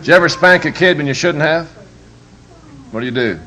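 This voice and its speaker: This fairly high-pitched man talks briskly while leading a humorous live parenting workshop in the role of a preacher. He tells his stories with a joking, emphatic energy that keeps things lively.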